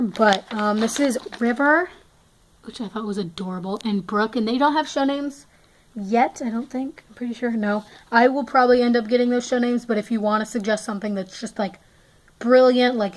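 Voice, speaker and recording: A woman's voice: fairly high pitch, low-quality recording. A woman giving a casual, rambling tour of her toy collection, often scattered and poking fun at herself. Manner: rambling, self-mocking, scattered, chatty. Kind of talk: casual chat.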